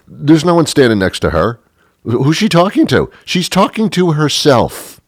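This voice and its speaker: A man's voice: a little high, very animated, moderate pace, no room sound. A man, a radio host, delivering a rambling, sarcastic, exasperated comic monologue into a close studio mic. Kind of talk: comedic monologue.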